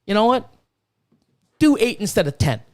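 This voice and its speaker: A man's voice: high voice, sing-song, moderate pace. A man hosting a podcast, ranting heatedly with lots of swearing and stumbling restarts. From Canada. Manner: heated, profane, full of restarts. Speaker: podcast host and snake breeder. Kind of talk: casual podcast rant.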